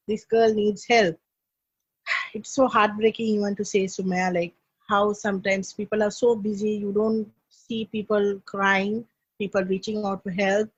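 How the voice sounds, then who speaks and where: A woman's voice: mid-range voice, breathy edge. Earnest woman telling a painful story. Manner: earnest, emotional, halting with fillers. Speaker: podcast guest. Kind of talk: personal story in a podcast interview. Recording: echoey room, dull lo-fi sound.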